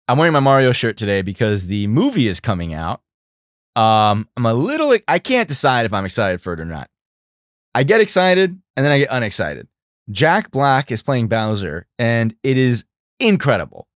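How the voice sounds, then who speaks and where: A young man hosting a casual livestream, chatty and animated, talking to his viewers. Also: mid-range voice, no room sound, studio quality. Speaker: livestream host.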